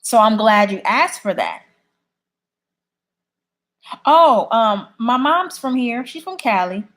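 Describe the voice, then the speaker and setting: A woman's voice: fairly high pitch, very animated, slow, a bit bright. A woman chatting casually on a livestream, reading viewer comments and answering them bluntly. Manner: blunt, opinionated. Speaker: YouTube live streamer.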